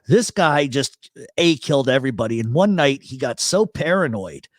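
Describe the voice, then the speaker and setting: A man's voice: mid-range voice, lively intonation, moderate pace, no echo. Blunt, joking New York man hosting. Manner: blunt, joking, swears freely. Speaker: host. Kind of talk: casual livestream chat. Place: home studio. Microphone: expensive studio mic with voice processor.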